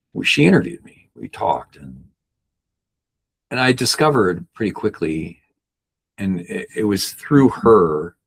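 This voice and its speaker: A man's voice: sits low, breathy edge. A man working as a backpacking guide and coach, telling a personal story on a podcast in a rambling way, with many restarts and fillers.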